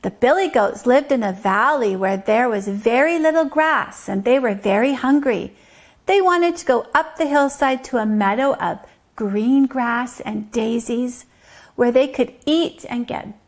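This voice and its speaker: A woman teacher reading a story aloud to toddlers, slow and gently explaining. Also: on the high side, animated. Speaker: preschool teacher.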